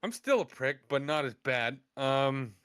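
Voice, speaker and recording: Profane storytelling man, smooth dry voice. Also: mid-range voice, unhurried, no room sound. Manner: profane, animated anecdote telling. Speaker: podcast host. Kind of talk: casual storytelling chat.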